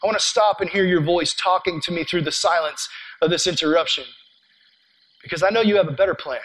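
A man with a notably high voice delivers a sermon as a pastor. He talks in an earnest, conversational way, like telling a story to friends. His voice sinks low and quiet when he makes a point. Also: fairly quick, poor audio.

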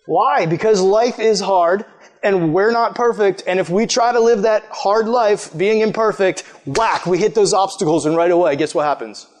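A man preaching a sermon in a casual, animated way, acting out the people he quotes. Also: high-pitched, normal speed.

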